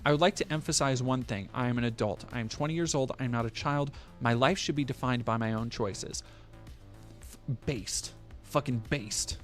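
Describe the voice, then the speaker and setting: A man's voice: medium pitch, moderate pace, fairly bright tone, faint music behind. A man streaming, reading a news article aloud and breaking off with profane, sarcastic comments.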